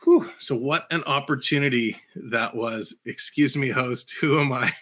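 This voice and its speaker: A man hosting a casual live-stream of hockey play-by-play and chat, who bursts into shouts on big plays. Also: medium pitch, a little slow.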